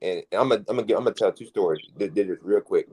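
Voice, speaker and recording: A man's voice: fairly low pitch, rapid-fire, a little mellow, breathy edge, low-quality recording. A man telling a personal story in a casual, rambling way, restarting his phrases as he goes. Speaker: street preacher in group discussion.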